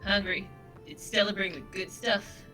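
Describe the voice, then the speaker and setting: A woman's voice: mid-range voice, flat delivery, normal speed, over music, natural voice, low-quality recording. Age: adult. Figure: a woman voicing a tough-talking male black cat. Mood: deadpan. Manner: tries a Brooklyn-style tough-guy drawl. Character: cocky male black cat, street-smart. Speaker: let's play co-streamer.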